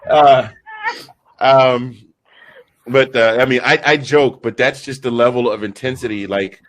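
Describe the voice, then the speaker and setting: A man in his fifties, a guest short on sleep, telling an excited sports story with many restarts. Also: mid-range voice, normal speed, dry recording. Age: 50s. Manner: animated storyteller, stumbling restarts.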